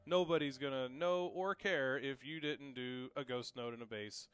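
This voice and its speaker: A man teaching drums in a relaxed, reassuring way, calling out strokes and counts as he plays. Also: mid-range voice, moderate pace, clear, resonant tone, no echo, faint music behind. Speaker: drum teacher. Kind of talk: casual instructional talk. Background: drum kit playing.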